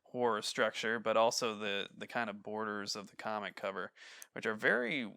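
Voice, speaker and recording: A man's voice: on the low side, animated, normal speed, vocal fry, pushed and bright, clear, resonant tone, no echo, clean studio sound. A man from Ohio hosting a casual podcast, rambling with fillers and frequent laughs. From Ohio, USA. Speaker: podcast host. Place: home.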